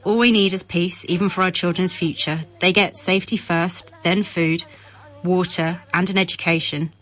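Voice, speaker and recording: A woman's voice: on the low side, fairly even intonation, moderate pace, a bit bright, poor audio. Older woman pleading earnestly. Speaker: refugee interviewee.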